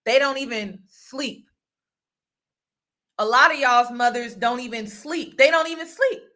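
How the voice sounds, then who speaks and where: Woman, vlog host, casual monologue, earnest, repeats phrases for emphasis, slightly high voice. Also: unhurried, bright, forceful tone. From United States. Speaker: host and mentor.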